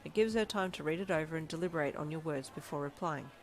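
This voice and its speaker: A woman playing a soft-spoken, teasing older brother. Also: low voice, fast. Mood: gentle, wry. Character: kind, cheeky young man, teasing older brother. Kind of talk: fanfiction audiobook reading.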